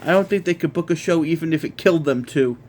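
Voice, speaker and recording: A man's voice: a little high, fast, darkish tone, slight background noise. A man hosting a casual wrestling review, ranting in an exasperated way, repeating himself and stumbling over restarts.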